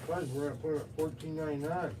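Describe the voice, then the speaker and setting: A man's voice: fairly high pitch, steady tone, racing, background noise. A man running a hobby shop, telling long rambling stories and getting defensive when teased, in a store. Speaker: hobby shop owner and show host. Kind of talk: casual storytelling and shop banter.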